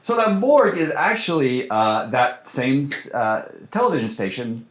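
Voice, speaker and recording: A man's voice: mid-range voice, normal speed. Man, film director, casual interview chat, filler-heavy, echoey room. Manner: animated, many fillers and restarts. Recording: roomy echo.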